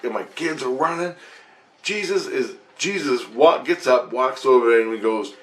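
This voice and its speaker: A man casually recounting a vivid dream in a rambling, excitable way, swearing as he goes. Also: mid-range voice, a little slow. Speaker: vlogger.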